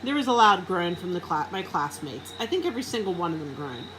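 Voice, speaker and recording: A woman reads a children's storybook aloud, bringing expression to a first-person tale. Her voice sits a little low, but her pitch swings widely and with animation. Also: sing-song, fairly quick, background noise. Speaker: reader.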